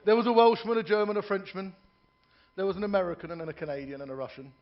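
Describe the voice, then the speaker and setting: On stage in a ship's theatre lounge, a stand-up comedian with a slightly high voice for a man talks fast with fairly even intonation. He spins long jokes, voices characters, and chats with the crowd, all in a dull, lo-fi live recording.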